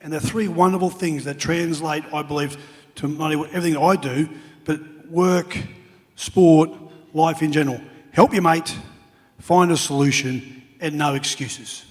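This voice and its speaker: A man's voice: on the high side, fairly even intonation, moderate pace, big-room sound. A middle-aged Australian man telling funny stories as a guest speaker at an awards night. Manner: jokey anecdotes with acted-out shouts. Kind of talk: after-dinner storytelling.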